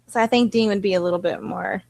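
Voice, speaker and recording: A woman co-hosting a podcast in casual chat, chiming in with quick comments. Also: mid-range voice, creaky. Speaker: podcast co-host.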